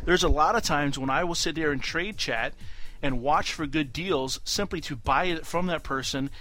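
A man co-hosting a casual gaming podcast, telling stories in a relaxed, chatty way with fillers. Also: on the high side, moderate pace. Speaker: podcast co-host.

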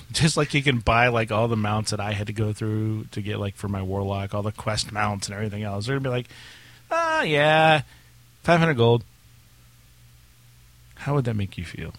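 A man with a lowish voice co-hosts a casual gaming podcast. He rambles and restarts, and sometimes reads out mail with a bit of drama. The recording is close and dry. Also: a little fast, fairly bright tone, no room sound. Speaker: podcast co-host. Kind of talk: casual podcast chat, reading a listener email.

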